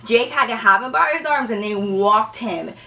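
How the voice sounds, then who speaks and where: A young woman spins a storytime tale in a bright, forceful voice that sits a bit high. She is animated and swears freely, jumping her pitch up when she quotes people. She sounds slightly distant from the microphone. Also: normal speed, gravelly. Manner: animated, profane, acts out quotes with big pitch jumps. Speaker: storytime vlogger. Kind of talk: casual storytelling.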